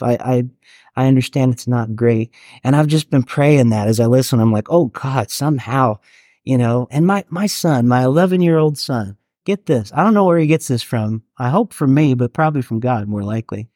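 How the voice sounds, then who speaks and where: A man's voice: mid-range voice, mellow, no room sound, clean studio sound. A middle-aged man, a worship leader, talking earnestly and conversationally to a group, with restarts and asides. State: getting teary. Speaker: worship leader and chaplain teaching a workshop. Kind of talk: talk to a live group.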